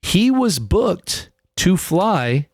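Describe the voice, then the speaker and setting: A man co-hosting a podcast, telling a story in casual chat, animated and swearing freely. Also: high voice, extremely slow, no room sound, clean studio sound. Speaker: podcast co-host.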